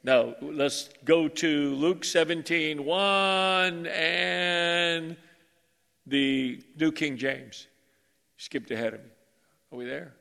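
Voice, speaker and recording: A male pastor with a high, bright, gravelly voice preaches a sermon, lively and joking as he draws his congregation in. He stretches out his words, and the tone is clean, though a large church hall's long reverb trails each phrase.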